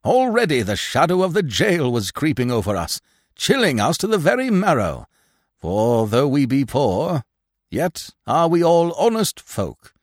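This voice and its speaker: A man's voice: fairly high pitch, dry recording, clean studio sound, pitched above the performer's own voice. Pompous big theatre troupe leader, declaiming; male narrator doing the voice.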